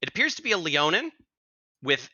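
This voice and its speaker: Male game master, animated, descriptive, bright tone, dry close sound. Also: a little high, a little fast, no room sound, highs cut off. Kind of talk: narrating a tabletop game.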